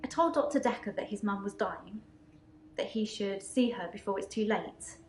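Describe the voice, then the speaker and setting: A woman voicing a troubled young female patient who believes she can shapeshift, speaking in an earnest, halting way. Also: medium pitch, roomy sound, slight background noise, natural voice. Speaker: game character.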